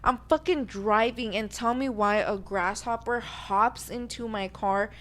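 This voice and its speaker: Animated, foul-mouthed young woman storyteller. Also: fairly high pitch, unhurried. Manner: profane, animated storyteller acting out quotes. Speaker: podcast host. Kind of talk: casual chat, storytelling.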